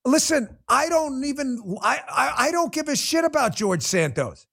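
A man's voice: extremely high pitch, very animated, normal speed, creaky, pushed and bright. A man hosting a political livestream, ranting bluntly and profanely and talking straight to viewers in the chat. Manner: addresses viewers in the chat directly. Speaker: political commentary host. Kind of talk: livestream commentary rant.

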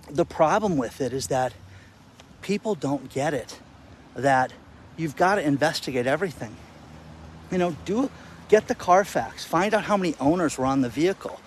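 A male content creator telling stories to camera outdoors in the wind, animated and exasperated. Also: on the high side. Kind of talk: casual vlog rant.

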